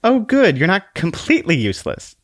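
A man's voice: fairly high pitch, wildly swooping pitch, fairly quick, no room sound, studio quality, voice pushed up. Man voicing Book, a sassy little female book. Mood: condescending. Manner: sassy, crass, lecturing.

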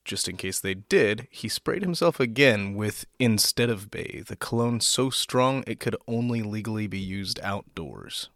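Low-voiced man with dry sound. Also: measured pace, few pauses, no room sound. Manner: relaxed, self-deprecating asides. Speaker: podcast host and narrator. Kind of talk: reading a short story aloud.

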